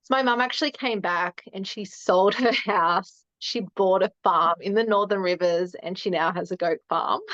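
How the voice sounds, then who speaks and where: A woman, a guest telling a family story in casual chat, full of "um" and "like" and quick laughs. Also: mid-range voice, fairly bright tone, dry recording. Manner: chatty, lots of "um" and "like", laughs often. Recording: dry, dull lo-fi mic sound.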